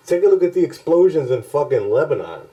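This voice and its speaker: A man's voice: on the high side, big pitch swings, quick pace, highs cut off. A man co-hosting a podcast in casual chat, rambling and profane, often laughing as he talks. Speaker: podcast co-host.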